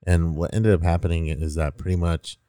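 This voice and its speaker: Young male co-host, very low and mellow voice, dry close sound, loose rambling storyteller. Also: fairly even intonation, fairly quick, clear, resonant tone, no room sound. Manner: rambling storyteller, laughs often, many "like" fillers. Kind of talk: casual chat.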